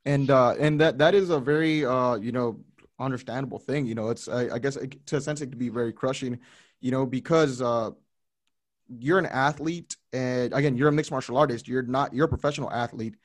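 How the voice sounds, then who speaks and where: A man's voice: mid-range voice, a little fast, no room sound, studio quality. A man interviewing a fighter, asking long, hedging questions.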